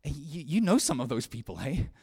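High-voiced, animated preacher. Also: male voice, brisk, vocal fry, breathy edge. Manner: earnest, animated, conversational, with frequent restarts and swings from hushed to loud. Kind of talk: sermon.

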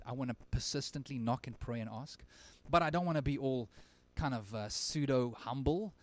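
A male pastor preaching a sermon at a church service, earnest, swinging from emphatic lines to very quiet ones. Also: mid-range voice, moderate pace, few pauses.

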